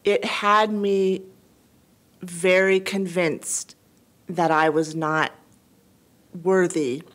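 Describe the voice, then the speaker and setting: A woman calling in to a radio show, crying as she talks in a halting, emotional way with many restarts. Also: fairly low pitch, little pitch movement. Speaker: caller. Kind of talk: call-in conversation.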